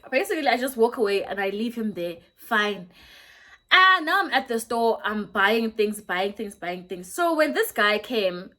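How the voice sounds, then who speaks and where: South african girl doing a storytime vlog, kinda high voice, super animated, switches into xhosa a lot. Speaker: YouTuber.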